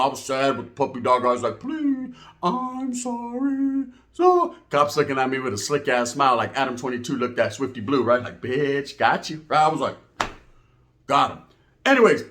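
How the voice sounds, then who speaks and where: Animated profane man telling a story. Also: a little high. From California. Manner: animated, profane, acts out quoted voices. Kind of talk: casual storytelling.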